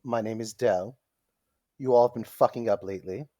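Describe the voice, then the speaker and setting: A man's voice: lowish voice, normal speed, dark tone, dry recording, lo-fi sound. A man playing a tabletop game and speaking in character, brash and swearing. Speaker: player.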